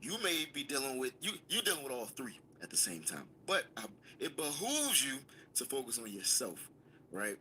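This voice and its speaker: A Bible class teacher with a medium-pitched voice that swoops wildly, speaking at a moderate pace in a sharp tone. He leads the scripture class emphatically and commandingly, using call-and-response as he calls on a student to read. There's slight background noise.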